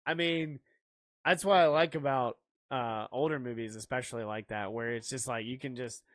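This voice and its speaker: A man's voice: medium pitch, fairly even intonation, normal speed, no room sound. A man co-hosting a podcast, chatting casually in a rambling, laughing, profane way. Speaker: podcast co-host.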